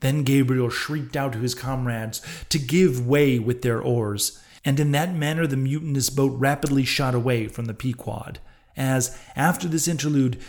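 Male podcast narrator, measured audiobook reading, mid-range pitch, steady. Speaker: podcast reader and host.

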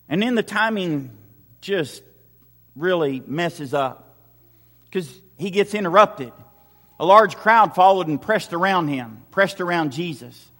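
A man's voice: sits high, a bit bright, in a large hall. A man preaching a sermon as pastor, building his points with repeated rhetorical questions and emphatic, repetitive phrasing.

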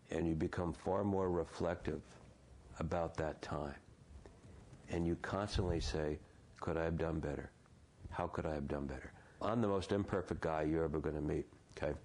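Gravelly low-voiced man in his sixties. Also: a little mellow. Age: 60s. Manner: halting, restarts and repeats words. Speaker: interview guest. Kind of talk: reflective personal storytelling.

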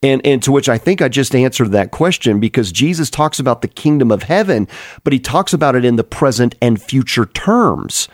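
A man's voice: medium pitch, animated, brisk, dry recording, studio quality. A man preaching an earnest, explanatory Bible teaching sermon, with frequent restarts as he works through the text.

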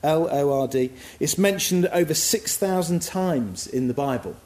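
Guy giving a sermon, warm mellow voice, thinking out loud, echoey room. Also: on the high side, animated, a little slow. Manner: reflective, musing, conversational. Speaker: preacher.

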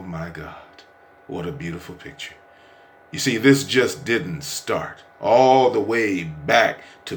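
A man preaching a podcast sermon with drama. He swings between hushed lines and shouts. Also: low voice, slight background noise.

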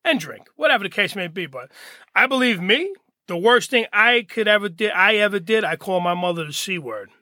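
A middle-aged man with a high, very bright and forceful voice tells rough stories from his past, bringing them to life by acting out everyone involved. He talks loosely and swears freely, and the sound is close and dry. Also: a little fast, no echo. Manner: animated storyteller, acts out quoted voices, swears freely. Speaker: podcast guest. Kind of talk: storytelling in casual chat.

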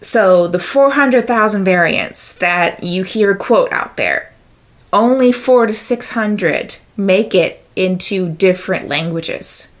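A woman's voice: mid-range voice, takes it slowly. A woman giving a methodical explanatory talk, working through examples and figures step by step. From United States.

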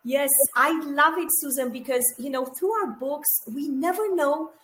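A woman co-hosting an interview, responding to her guest in an affirming, measured way. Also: high-pitched, a bit bright, roomy sound, a little hiss or hum, poor audio. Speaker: podcast co-host. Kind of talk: interview chat.

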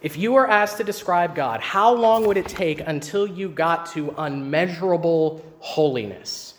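High-voiced man preaching a sermon. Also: a little slow. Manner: emphatic teaching with rhetorical questions. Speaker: pastor.

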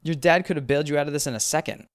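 A man's voice: on the high side, racing, no room sound, studio quality, pitched above the performer's own voice, natural voice. Man doing brash New England inmate Crenshaw. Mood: curious. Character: tall red-faced male inmate, brash.

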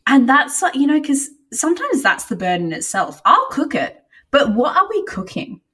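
On a casual podcast, a woman co-host chats playfully and laughs a lot, her high, fairly bright voice moving in a sing-song way at a moderate pace.

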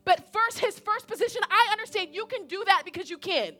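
Bright high-voiced woman preaching. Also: brisk, faint music behind. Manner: animated, conversational, repeats points, asks audience questions. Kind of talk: sermon.

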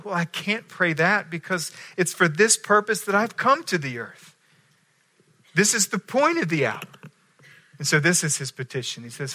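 Man, pastor, sermon, bright ringing tone, slightly high voice, storytelling, shifts loud to soft. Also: normal speed. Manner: animated storytelling, acting out voices with swings from loud to hushed.

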